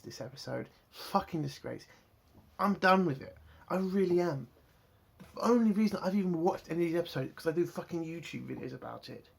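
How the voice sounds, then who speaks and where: A man's voice: high-pitched, gravelly, husky. A man, ranting angrily and swearing heavily as he reviews a TV episode. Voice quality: heavy swearing, heated ranting. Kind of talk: angry solo review rant.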